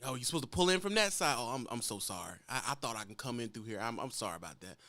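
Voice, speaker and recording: A man voicing a humble, polite adult truck driver who talks softly and apologetically. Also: medium pitch, animated, very fast, dry recording, voice pushed down. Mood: meek, polite. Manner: soft, apologetic, deferential.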